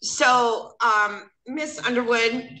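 A woman's voice: on the high side, slow, pushed and bright. A woman judge running a court hearing, speaking plainly and casually with frequent fillers. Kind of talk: courtroom proceedings. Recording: roomy courtroom sound, faint noise.

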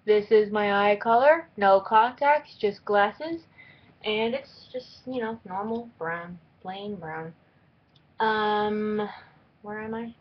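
A woman's voice: medium pitch, slow pace, highs cut off. A young woman in a casual vlog, answering questions about herself in a chatty, rambling way with lots of fillers. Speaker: vlogger. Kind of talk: casual tag video chat.

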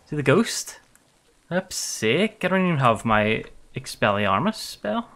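A man's voice: mid-range voice, big pitch swings, a little slow, fairly bright tone. A man streaming a survival game, reacting jumpily with exclamations and swearing while talking to his chat. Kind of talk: live game commentary.

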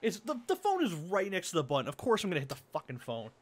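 A young man commenting on a game as he plays, excitable, swearing and laughing often. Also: sits high, quick pace, noisy background. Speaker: gaming video host. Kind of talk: let's play commentary. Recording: game music playing behind.

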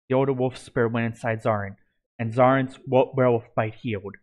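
A man's voice: mid-range voice, fairly even intonation, brisk, darkish tone. A man reading his own fantasy story aloud, in a plain delivery that often stumbles and restarts.

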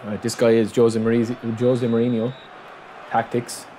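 A man commentating on his own football video game match, excitable, calling his viewers lads and bursting into shouts at big moments. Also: mid-range voice, normal speed, slight background noise. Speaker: gaming YouTuber.

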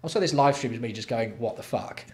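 Male livestream host, exasperated sweary commentary, mid pitch. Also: fast talker, a little mellow. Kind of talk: casual live-stream commentary.

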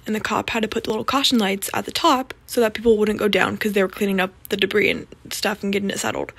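A woman's voice: medium pitch, gravelly, fairly bright tone, husky, no echo. A woman vlogger giving a blunt, sweary, self-mocking voice-over recap.

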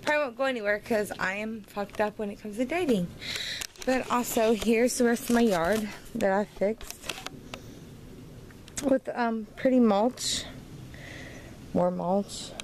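A woman's voice: mid-range voice, takes it slowly, long pauses, darkish tone, slight background noise, poor audio. A woman vlogging at home and in her yard, tipsy and slightly slurred from wine, rambling and venting her frustration. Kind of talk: casual vlog monologue.

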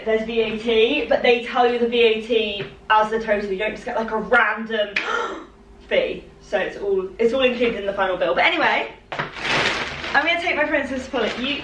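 A bubbly young woman from the UK chats about her outfits in a light, slightly high voice. She sounds set back from the mic in a room that rings with echo. There is a soft hiss under her voice. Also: distant mic. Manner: bubbly, giggly and chatty. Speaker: fashion vlogger. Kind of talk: casual haul chat. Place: room at home.

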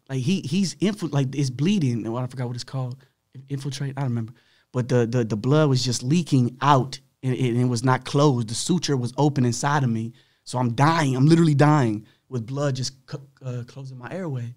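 Podcast guest, young man, slightly rough voice, animated casual storytelling that acts out the dialogue. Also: mid-range voice, brisk.

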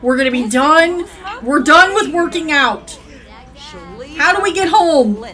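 A young woman giving casual, profane commentary while playing a life-sim game, yelling at the characters and rambling. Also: high voice, expressive, measured pace. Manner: rambling, self-interrupting.

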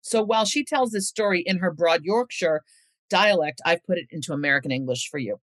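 A woman's voice: on the low side, a little fast, a bit bright, no echo. A middle-aged woman author talking earnestly in an interview and reading a passage aloud in a storyteller's cadence. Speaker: author and guest.

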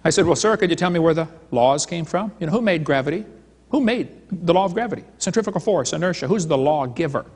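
A man's voice: a little high, expressive, fast talker, darkish tone, breathy edge. A man giving a live seminar lecture, telling stories and jokes and acting out his dialogues. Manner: joking storyteller, retelling dialogues. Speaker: creationist seminar speaker. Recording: long hall reverb.

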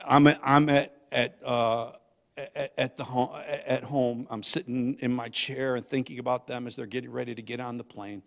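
An older man, a guest pastor, telling a family story in a sermon, swinging from loud to hushed. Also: mid-range voice, level tone, moderate pace, gravelly. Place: church sanctuary. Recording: long church hall reverb.

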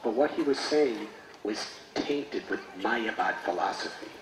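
A man, a spiritual teacher, telling a sacred story in a sermon with reverent, expressive delivery. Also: lowish voice, unhurried. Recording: roomy space with faint noise.

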